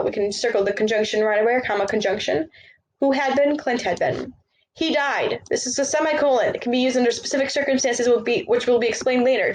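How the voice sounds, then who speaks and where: A woman teaching grammar, patiently walking through example sentences with quick question-and-answer drills. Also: fairly high pitch, a little hiss or hum, low-quality recording. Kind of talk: grammar lesson over written examples.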